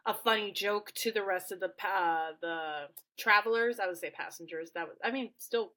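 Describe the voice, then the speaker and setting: A woman's voice: medium pitch, moderate pace, sharp tone. Woman, podcast host, former teacher, casual chat, playful, laughing, many fillers.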